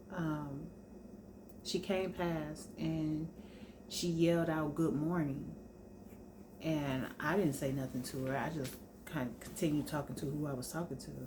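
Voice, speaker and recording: A young adult woman vlogging in a relaxed sit-down chat, telling stories informally and talking straight to her viewers. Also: low voice, background noise. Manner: chatty, informal storytelling, addresses viewers as y'all.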